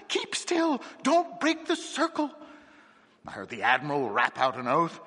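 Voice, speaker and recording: A man narrates a seance tale in a measured, expressive way, his voice bright and lively in pitch. A slight huskiness sits in his tone. The reading carries a long hall reverb. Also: breathy edge. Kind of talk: scripted narration of a ghost story.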